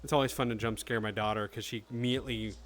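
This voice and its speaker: A man's voice: on the low side, fairly even intonation, fast, faint music behind. Chatty, foul-mouthed streamer guy. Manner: chatty, swears freely, reads chat aloud. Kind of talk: casual live-stream chat.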